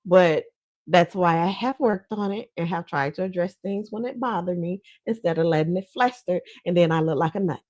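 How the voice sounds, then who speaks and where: A woman's voice: fairly low pitch, normal speed, a little mellow, no echo. A woman giving casual commentary in a blunt, profane, chatty way, often breaking into laughs. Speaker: commentary vlogger.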